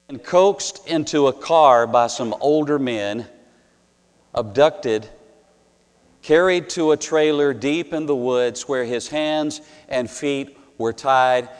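Male preacher, slow and earnest, dramatic pauses, reverberant hall. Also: medium pitch, clean tone. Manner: earnest, dramatic pauses, swells louder on scripture. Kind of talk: sermon with personal story.

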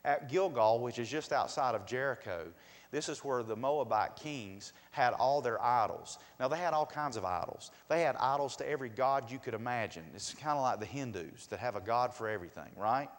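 A man preaching a sermon, asking the congregation questions and swinging between loud and soft. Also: medium pitch, animated, moderate pace. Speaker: pastor. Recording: long hall reverb.

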